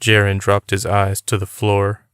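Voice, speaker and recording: A man narrating an audiobook in a steady, even reading. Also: on the low side, a little slow, clean tone, no room sound, studio quality. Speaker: audiobook reader.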